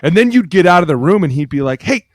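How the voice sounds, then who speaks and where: A man's voice: sits high, big pitch swings, fast, dry recording, studio quality. A former football lineman co-hosting a podcast, brash and profane in casual chat.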